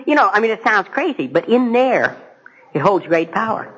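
A man's voice: sits high, big pitch swings, moderate pace, a bit bright, a little hiss or hum, rough recording. Self-mocking middle-aged man telling his story. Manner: direct to audience, asks questions. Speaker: speaker at a recovery meeting. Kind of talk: personal testimony talk.

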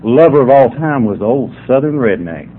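A man's voice: medium pitch, expressive, normal speed, close to an everyday voice. Male storyteller doing a young woman lecturer, matter-of-fact, slightly flustered; tinny lo-fi capture. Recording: tinny phone-like recording, faint noise.

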